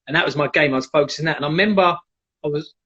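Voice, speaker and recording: Animated man telling fight stories. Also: fairly high pitch, racing. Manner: animated, acts out quoted voices. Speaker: guest, jiu-jitsu black belt. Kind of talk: casual storytelling on a live stream. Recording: dull lo-fi live stream audio.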